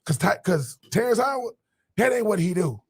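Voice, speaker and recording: A man's voice: high voice, normal speed, vocal fry, husky. A man with a Southern US accent co-hosting a casual sports talk show, telling stories and acting out quotes. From American South. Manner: animated storyteller, acting out quotes. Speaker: co-host.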